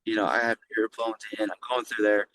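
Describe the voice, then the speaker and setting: Animated storytelling man, low-voiced. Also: fairly quick, a little hiss or hum, low-quality recording. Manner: animated storyteller who swears freely. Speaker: guest, flooring business owner. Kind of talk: casual storytelling interview.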